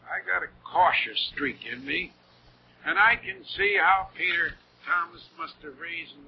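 Earnest slow-speaking preacher man, lo-fi. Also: fairly high pitch, creaky. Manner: earnest, slow and heartfelt, with rising emphasis. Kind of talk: sermon. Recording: dull lo-fi old recording with faint noise.

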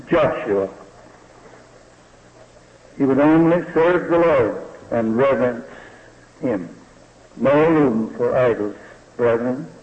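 A man preaching a sermon slowly and deliberately, often asking the listeners rhetorical questions. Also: medium pitch. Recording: dull lo-fi recording in a reverberant hall.

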